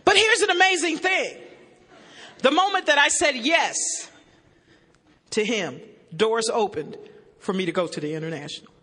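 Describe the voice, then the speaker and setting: A woman's voice: fairly high pitch, expressive, normal speed, pauses often, sharp tone. A woman speaking at a recovery meeting, telling her own story with folksy, self-mocking humor and addressing the crowd directly. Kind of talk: humorous personal testimony to a crowd. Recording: long reverb of a large hall.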